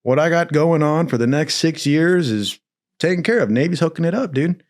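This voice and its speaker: A man's voice: fairly high pitch, moderate pace. A young man from Southern California tells a wild story from his own life in loose, casual speech. He swears constantly and throws himself into the quotes, putting on the voices of everyone involved. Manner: profane, animated, acts out quotes in other voices.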